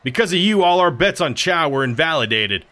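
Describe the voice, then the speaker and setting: A man's voice: on the high side, expressive, a little fast, sharp tone, voice pushed up. Man voicing a surly drunk miner. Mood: accusing. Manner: surly, accusing. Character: drunk hostile male miner, surly and rough.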